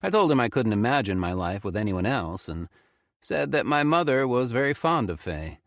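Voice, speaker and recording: A man reading a horror story aloud with expressive, tense storytelling. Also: medium pitch, normal speed, dry recording, studio quality. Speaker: audiobook narrator. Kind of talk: scripted horror narration.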